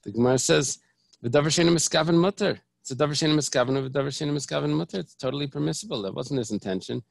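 A rabbi races through a Talmud lesson, explaining each point in order while often restarting, repeating phrases, and using Hebrew terms. His voice is on the high side with vocal fry, captured in a dry recording.

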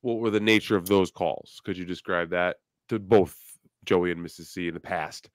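Deep-voiced man, measured co-host. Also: fairly even intonation, dry recording, clean studio sound. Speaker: podcast co-host. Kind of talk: casual chat.

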